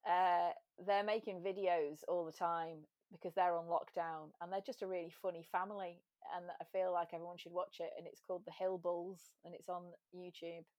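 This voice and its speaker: A woman's voice: fairly low pitch, brisk, few pauses, no echo. Chatty English woman, dry close sound. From England. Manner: chatty, animated, slips into voices and laughs. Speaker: podcast guest, actor. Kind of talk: casual chat.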